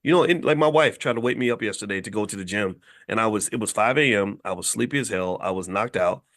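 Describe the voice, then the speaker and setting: A man's voice: on the low side, quick pace, fairly bright tone. A man from Kentucky hosting a podcast, talking emphatically with frequent restarts and repeated words. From Kentucky, USA. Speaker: podcast host. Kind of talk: passionate social commentary.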